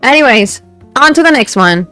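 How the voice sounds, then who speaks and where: A woman's voice: sits high, normal speed, faint music behind. A young woman with an Indian accent, chatting casually on a live stream, giggling often and reacting to memes and chat. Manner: giggly, animated, switching between English and Hindi. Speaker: VTuber streamer. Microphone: desk mic set back from her.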